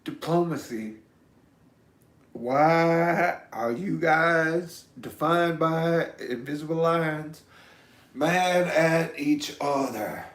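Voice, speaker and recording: A man vlogging in a loose, meandering monologue, cursing freely and swinging from mumbles to shouts. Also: on the high side, very slow, roomy sound. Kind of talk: rambling casual monologue.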